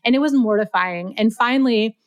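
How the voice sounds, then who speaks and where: A young adult woman as a podcast guest, chatting and telling stories in a lively way, with lots of "like" fillers. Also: a little high, brisk, smooth, no echo, highs cut off. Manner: chatty, animated, heavy use of "like". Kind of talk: casual storytelling interview.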